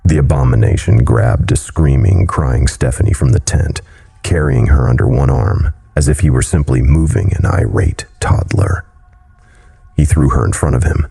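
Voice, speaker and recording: A man narrating a horror story in a grave, measured way. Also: a bass voice, gravelly, mellow, breathy edge. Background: faint music.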